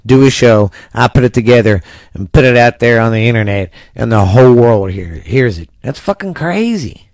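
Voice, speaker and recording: A man's voice: on the low side, brisk, a little mellow, dry recording, clean studio sound. A man from Texas hosting a casual family podcast, easygoing and rambling, cursing now and then. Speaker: podcast host.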